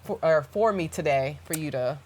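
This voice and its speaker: A woman's voice: low-pitched, moderate pace, a little mellow. Chatty, effusive woman hosting. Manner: effusive, chatty, many fillers. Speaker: podcast host. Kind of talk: casual chat.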